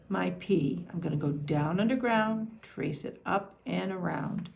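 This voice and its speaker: A woman teacher giving a patient phonics and handwriting lesson to young children, sounding out each letter slowly. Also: fairly low pitch, gravelly.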